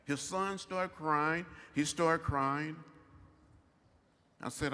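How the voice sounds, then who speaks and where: An older man giving a commencement address in measured, rhythmic oratory with long pauses. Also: fairly high pitch, fairly even intonation, sharp tone, smooth, in a large hall. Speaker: commencement speaker. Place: large outdoor ceremony.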